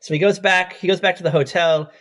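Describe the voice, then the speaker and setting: A man's voice: sits high, fairly even intonation, quick pace, fairly bright tone. A man co-hosting a podcast, casually recapping a TV episode, laughing often and swearing freely. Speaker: podcast co-host.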